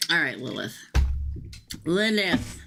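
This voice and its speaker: A woman's voice: low voice, very animated, slow, vocal fry, over music. Chatty woman reading tarot live. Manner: chatty and emphatic, frequent "okay?" asides. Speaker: tarot reader and live stream host.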